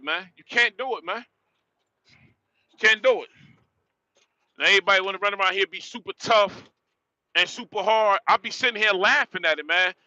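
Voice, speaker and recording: A man in his late forties from northern New Jersey rants on a casual livestream from inside his truck cab, his voice pitched very high and strikingly sharp and bright. He talks in emphatic street slang and circles back to the same points again and again. The sound is dry and close, with no room echo. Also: muffled recording. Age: 40s.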